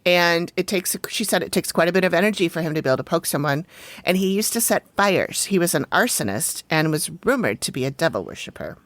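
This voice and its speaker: A woman's voice: lowish voice, expressive, quick pace, no room sound. A woman co-hosting a podcast, recapping a TV episode from her notes in easygoing chat, often agreeing with a "mm-hmm". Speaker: podcast co-host.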